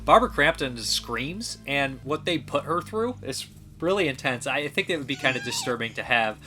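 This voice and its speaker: A man's voice: medium pitch, lively intonation, normal speed, bright, forceful tone. A man hosting a casual film review chat, enthusiastic and rambling with frequent restarts. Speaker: podcast host reviewing films.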